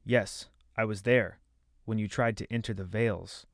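A man voicing a wary, secretive male king's servant in a lowered, confiding voice. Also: steady tone, a little slow, dry recording, clean studio sound. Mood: tense.

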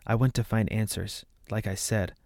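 A man's voice: lowish voice, fairly even intonation, normal speed, creaky, darkish tone, no echo, clean studio sound. A man reading the part of a young princess who speaks in an earnest, resolute way. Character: defiant young princess, brave but shaken.

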